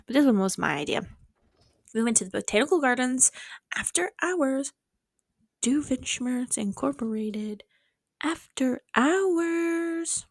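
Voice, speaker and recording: A young woman in her twenties chatting casually and fast, rambling with sarcastic, sweary asides, speaking into a mic held close to her mouth. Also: fairly high pitch, gravelly, no room sound. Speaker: vlogger. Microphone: close mic held near the mouth.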